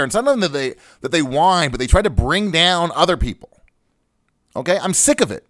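A man's voice: a little high, very animated, quick pace, a bit bright, no echo, studio quality. A man hosting a financial radio show, ranting with jokes and fired-up emphasis. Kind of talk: comic talk-radio rant. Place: radio studio.

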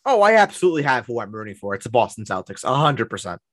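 A man's voice: mid-range voice, very animated, rapid-fire, a bit bright. A man co-hosting a podcast in casual sports chat, opinionated and given to repeating words as he starts. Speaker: podcast co-host.

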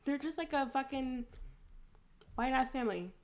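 A woman's voice: sits high, lively intonation, normal speed. A young woman co-hosting a podcast in casual chat, blunt and swearing freely, laughing often. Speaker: podcast co-host.

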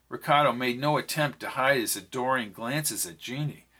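A man's voice: mid-range voice, moderate pace, hardly any pauses, bright, forceful tone. A man narrating a novel aloud, reading every character's lines in his own voice. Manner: reads all the characters' dialogue in his own voice. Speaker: audiobook narrator. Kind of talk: scripted narration.

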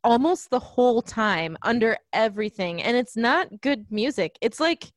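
Woman podcast co-host, casual chat, wry, joking, slightly high voice, dry sound. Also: expressive, moderate pace, no room sound.

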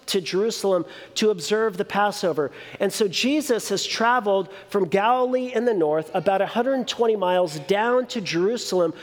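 A man preaching a sermon as a pastor, teaching through rhetorical questions and emphatic pauses. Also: high voice, in a large hall.

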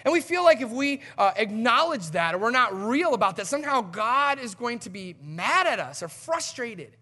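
A male pastor preaching a sermon in an animated, conversational way with emphatic swings in delivery. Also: very high-pitched, normal speed.

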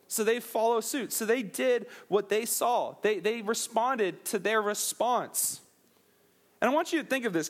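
A young man preaching a sermon to a youth group in a casual, joking way, calling the listeners guys. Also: sits high.

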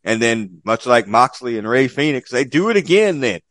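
A man's voice: mid-range voice, very animated, normal speed, a bit bright, no echo. A man casually recapping an old wrestling event as a podcast co-host, rambling with lots of fillers and swearing.

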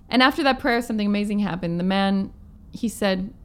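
A woman's voice: medium pitch, moderate pace, smooth. A woman from Manitoba, a guest musician, telling a story in a casual interview and acting out the quoted lines in her own voice. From Manitoba, Canada. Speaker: guest musician, violinist and singer.

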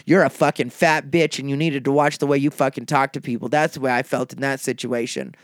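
A middle-aged stand-up comedian talking in a casual, profane and combative monologue. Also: male voice, medium pitch, fairly even intonation, a little fast, no room sound, clean studio sound.

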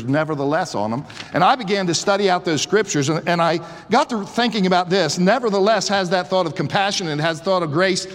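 A man's voice: fairly high pitch, fairly bright tone, big-room sound. A man in his sixties preaching a sermon, swelling with fervor and often restarting his sentences. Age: 60s. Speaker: pastor.

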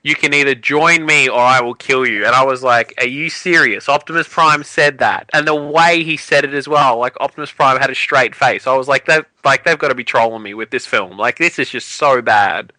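A man's voice: medium pitch, sharp tone, no echo, poor audio. A man, co-hosting a podcast and ranting sarcastically in a casual film review. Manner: ranting, sarcastic, quick asides. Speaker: podcast co-host.

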